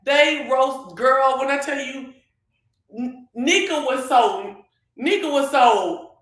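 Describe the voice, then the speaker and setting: Bright sassy host gossiping on a live stream, big echoey room. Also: high-pitched, slow pace. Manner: sassy, animated, calls viewers girl and honey. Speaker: livestream host. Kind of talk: casual livestream gossip chat.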